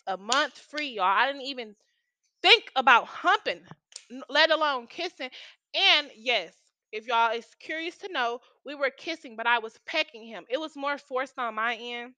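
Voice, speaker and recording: A young woman hosts a casual story-time podcast, talking straight to her listeners. Her voice sits a little high and sounds bright and sharp, recorded dry and close. She is blunt, heated and profane. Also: expressive, normal speed, dry recording. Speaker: podcast host.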